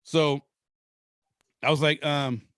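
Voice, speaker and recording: A man's voice: on the high side, little pitch movement, takes it slowly, fairly bright tone, smooth, dry recording, studio quality. A man from Seattle telling a long rambling story in casual podcast chat, swearing freely. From Seattle, Washington. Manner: rambling, profane, laid-back storyteller. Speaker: podcast host.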